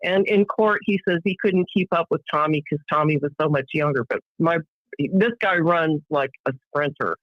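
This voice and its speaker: A woman's voice: sits low, moderate pace, no echo, dull audio. Middle-aged woman recounting a painful story. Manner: vivid storytelling, acting out what others said. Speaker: interview guest. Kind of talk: emotional personal account.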